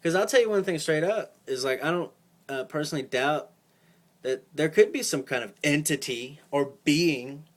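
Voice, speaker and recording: High-voiced man ranting casually. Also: moderate pace, a bit bright. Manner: profane, heated, rambling with many fillers. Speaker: vlogger.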